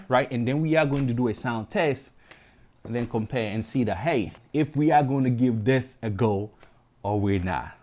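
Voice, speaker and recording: A man's voice: mid-range voice, moderate pace, a little mellow. A man with a Ghanaian accent hosting a casual, chatty product review vlog with slangy asides, speaking into a desk condenser mic. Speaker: tech reviewer host. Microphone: desk condenser mic with pop filter.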